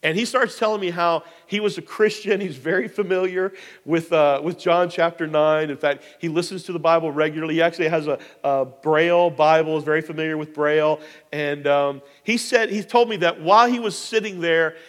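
Animated pastor telling a story in a hall. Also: male voice, fairly high pitch, fairly quick. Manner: animated, rambling storytelling with many fillers. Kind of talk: storytelling sermon.

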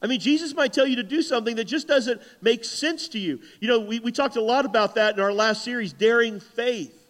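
A pastor delivering a lively sermon, his voice sitting high for a man. The words ring out with a long reverb, as from a large church hall. He preaches in an animated, conversational way. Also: brisk.

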